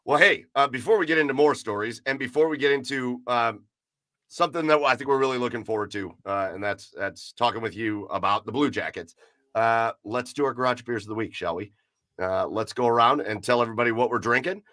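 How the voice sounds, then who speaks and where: A man's voice: medium pitch, brisk, sharp tone, no room sound, clean studio sound. A man hosting a casual podcast, talking loosely with many fillers and easy laughs. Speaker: podcast host. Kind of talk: casual chat.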